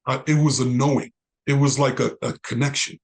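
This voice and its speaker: A man, a guest in an interview, telling his life story with animated quoted dialogue. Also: mid-range voice, brisk, gravelly, slightly rough. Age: 40s.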